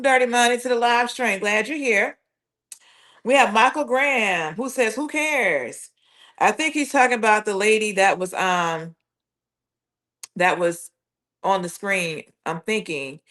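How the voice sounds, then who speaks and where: A woman's voice: mid-range voice, a bit bright. A woman hosting a casual live reaction stream, chatting loosely and reading viewer comments aloud. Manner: chatty, addresses chat as y'all, reads usernames aloud. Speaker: livestream host.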